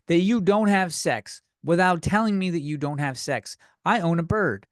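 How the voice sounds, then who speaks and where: A man's voice: high-pitched, moderate pace, few pauses, no echo, studio quality. Profane young man ranting on a podcast. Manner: ranting, profane, worked-up and loud at times. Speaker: podcast host. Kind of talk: comedic rant.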